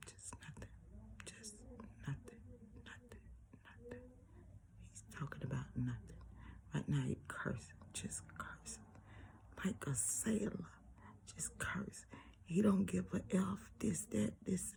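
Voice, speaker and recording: An older grandmother talking casually to her viewers, often dropping to a breathy near-whisper and repeating words for emphasis. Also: low voice, dark tone, slight background noise. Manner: preachy, repeats phrases for emphasis. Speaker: vlogger. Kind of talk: casual personal monologue.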